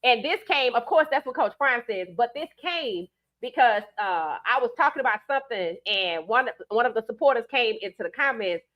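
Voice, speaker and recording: A woman with a New Orleans accent hosting a live stream, giving emphatic, animated commentary and reading out viewer comments. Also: a little high, normal speed, muffled recording.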